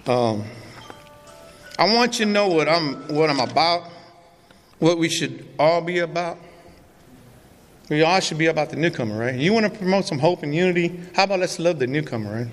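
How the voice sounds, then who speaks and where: A man's voice: a little high, lively intonation, moderate pace, long pauses. A middle-aged man speaks to a recovery meeting, telling his own story in a raw, profane, streetwise way. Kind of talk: testimony talk to a recovery meeting. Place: meeting hall. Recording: reverberant hall with faint room noise.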